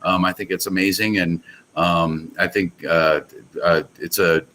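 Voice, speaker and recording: Rambling, bright-voiced man on a podcast. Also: low voice, steady tone, measured pace, slight background noise, rough recording. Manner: rambling, enthusiastic, many restarts. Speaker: guest, pool products company owner. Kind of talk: casual podcast chat.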